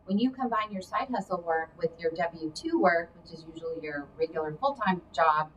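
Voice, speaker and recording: A woman's voice: fairly low pitch, lively intonation, fairly quick, a bit bright. A woman giving casual career and money advice in a chatty, explanatory way, adding hedging asides. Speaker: career coach guest. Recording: distant mic with faint background noise.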